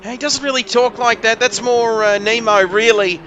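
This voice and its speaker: A man doing excitable, joking play-by-play commentary on a sim race. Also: very high voice, normal speed, a little hiss or hum.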